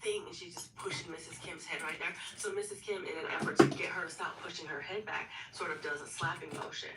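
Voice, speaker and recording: A woman's voice: on the low side, fairly even intonation, quick pace, far from the mic. A woman hosting a live stream, casually retelling a story with playful asides and acted-out quotes. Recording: echoey room, voice off-mic, clear background noise.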